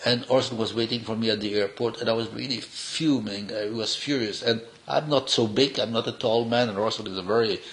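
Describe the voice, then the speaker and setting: An older man, a cinematographer, telling animated, rambling stories in casual, non-native English with restarts. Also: on the low side, brisk, hardly any pauses. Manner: rambling, animated anecdotes with frequent laughs and restarts. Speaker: cinematographer being interviewed. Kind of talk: casual anecdotal storytelling.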